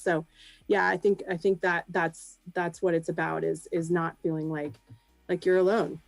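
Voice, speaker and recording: A woman's voice: fairly low pitch, no echo, low-quality recording. Dry-sounding woman chatting thoughtfully. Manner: thoughtful, with frequent ums and soft laughs. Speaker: guest, improv performer and business founder. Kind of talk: casual podcast chat.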